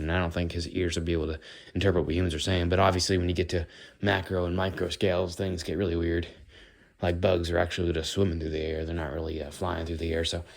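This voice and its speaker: A man's voice: sits low, vocal fry. An American man rambling casually in a walk-and-talk monologue, musing as he goes. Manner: rambling, musing, does playful accent impressions. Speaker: vlogger.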